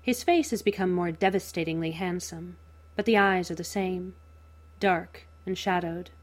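A woman narrating fan fiction aloud in a slow, measured, even way. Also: fairly low pitch.

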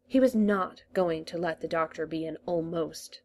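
A woman reading a story aloud, in a measured storytelling manner. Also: sits low, steady tone, creaky. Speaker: reader. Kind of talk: reading fan fiction aloud.

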